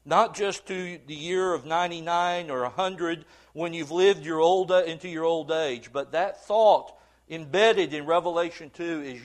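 A man preaching a sermon, reading scripture in old-fashioned wording and swinging from emphatic swells to low, slow passages.

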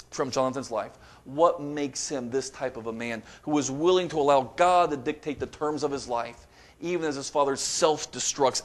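A man delivering a sermon, reading scripture aloud with dramatic emphasis and rising to forceful peaks. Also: medium pitch. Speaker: preacher.

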